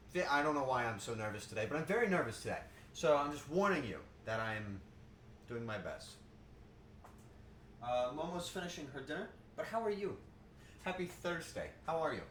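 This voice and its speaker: Lively, bright-voiced man in an echoey kitchen. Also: fairly high pitch, far from the mic, a little hiss or hum. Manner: rambling, jokey, quick to laugh; swears casually. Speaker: streamer cooking live. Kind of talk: casual live-stream chat. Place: home kitchen.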